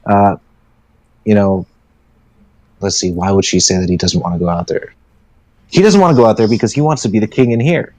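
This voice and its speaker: A man narrating his turn in a tabletop storytelling game, a lively storyteller who swears and jumps into character voices. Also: fairly low pitch, fairly quick, long pauses, no echo, low-quality recording. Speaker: player.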